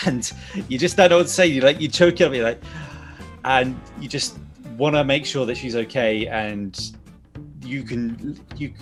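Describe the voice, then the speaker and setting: A man's voice: medium pitch, unhurried, soft background music. Rambling man chatting. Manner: rambling, emotional, laughs often. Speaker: panelist. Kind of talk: casual chat.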